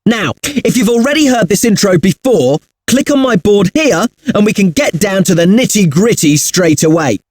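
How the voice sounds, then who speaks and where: A man playing a friendly punctuation tutor, presenting educational software in an upbeat, chatty way, talking straight to the user. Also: high-pitched, expressive, moderate pace, no echo.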